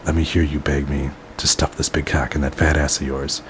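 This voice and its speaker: A man's voice: extremely low pitch, flat delivery, brisk, slight background noise. A man voicing a domineering woman wrestler who barks commands. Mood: commanding. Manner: barking, commanding.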